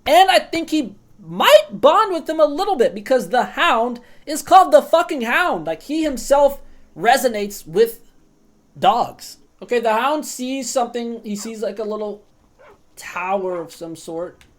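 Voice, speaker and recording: A woman's voice: on the high side, very animated, a little slow. A woman streamer giving casual, profane commentary while roleplaying a video game. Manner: chatty, swears freely.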